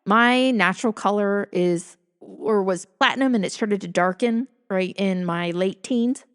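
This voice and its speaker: Middle-aged woman, casual storytelling, amused, chuckles a lot, asides, mid pitch. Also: a little slow, smooth. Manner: amused, chuckling often while telling; conversational with self-corrections and asides. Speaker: storyteller recounting her own life.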